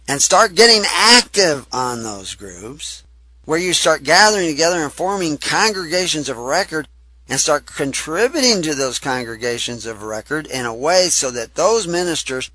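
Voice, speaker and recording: A man's voice: mid-range voice, pushed and bright, breathy edge. A man from Texas with a Southern accent, preaching a sermon in a folksy, emphatic way.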